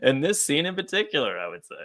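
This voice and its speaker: A man co-hosting a book podcast, retelling scenes in an animated, profane way and laughing often. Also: on the high side, fast talker. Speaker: podcast co-host. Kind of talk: casual chat about a book.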